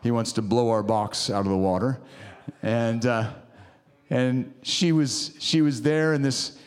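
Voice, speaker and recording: A man's voice: mid-range voice, steady tone, a little slow, smooth. Fervent male preacher in a reverberant hall. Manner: fervent, exhorting, often calls out "come on". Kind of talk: sermon. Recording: long reverb of a large hall.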